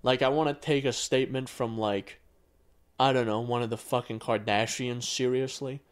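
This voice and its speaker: A man's voice: medium pitch, steady tone, moderate pace, clear, resonant tone. A man co-hosting a podcast in casual chat, ranting with dry exasperation and casual swearing. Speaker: podcast co-host.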